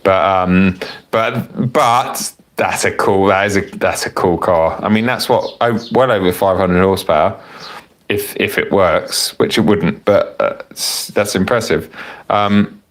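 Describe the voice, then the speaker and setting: Casting note: low-voiced man hosting a live car Q&A, loose and chatty, a bit tipsy. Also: a little slow. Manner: rambling, self-correcting, chatty with frequent fillers. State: tipsy from wine. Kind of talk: casual live-stream chat reading viewer comments.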